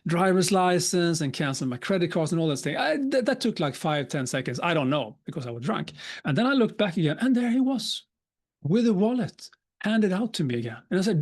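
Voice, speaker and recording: A man's voice: on the high side, animated. Chatty man telling a story. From Sweden. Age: 50s. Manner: chatty and humorous, with restarts and quick asides. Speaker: keynote speaker. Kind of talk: live talk, personal storytelling.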